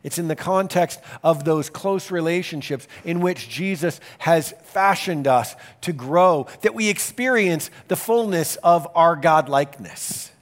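A male pastor preaching a sermon, his voice sitting a little higher than most men's. He delivers it earnestly and emphatically, pressing some phrases quickly and drawing others out slowly.

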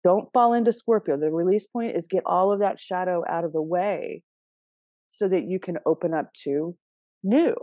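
Mellow-voiced chatty woman astrologer. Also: lowish voice, moderate pace, no echo, studio quality. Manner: chatty and direct, with frequent laughs and "okay?" check-ins. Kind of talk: casual spoken astrology reading.

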